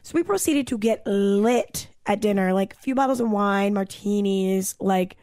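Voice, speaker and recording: A young woman in her twenties telling a story on a casual podcast, animated and fast, full of "like" and swearing. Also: mid-range voice, no room sound, studio quality.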